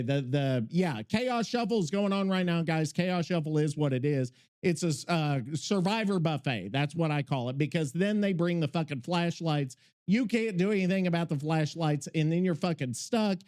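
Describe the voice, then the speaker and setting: High, lively-voiced profane podcast host. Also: male voice. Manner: profane, scattered, self-interrupting, working while talking. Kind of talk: casual rambling podcast talk.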